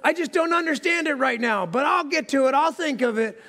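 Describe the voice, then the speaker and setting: A man's voice: animated, fairly quick, heavily acted. A man acting out a flustered person who rambles sheepishly about why his own voice has gone up. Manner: rambling, sheepish, higher and louder.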